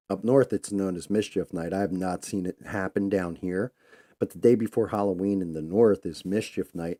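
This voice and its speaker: Host, male, low and mellow, casual rambling storyteller. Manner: rambling, loose, conversational. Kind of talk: casual live-stream storytelling.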